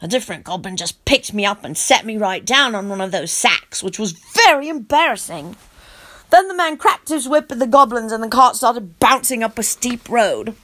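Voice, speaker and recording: A woman reading a first-person storybook aloud as its storyteller, in an animated, childlike narrator voice. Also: on the high side, moderate pace.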